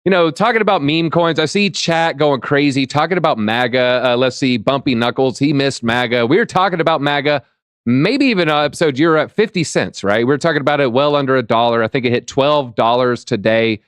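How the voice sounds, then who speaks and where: A man hosting a live crypto talk show, upbeat and reading out chat shout-outs. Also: medium pitch, brisk, clean tone, no echo, studio quality. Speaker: show host.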